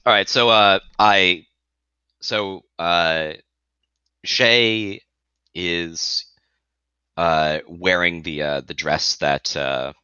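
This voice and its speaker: Deep man with a bright edge, lo-fi mic. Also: fairly even intonation, clean tone, dry recording. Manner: halting, filler-heavy. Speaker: player. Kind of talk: describing a tabletop character.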